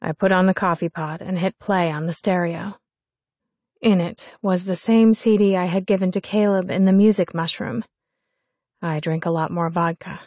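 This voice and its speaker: A woman's voice: lowish voice, darkish tone, no room sound. Wry woman reading an audiobook. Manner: wry, sardonic storytelling. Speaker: audiobook narrator. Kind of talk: first-person audiobook narration.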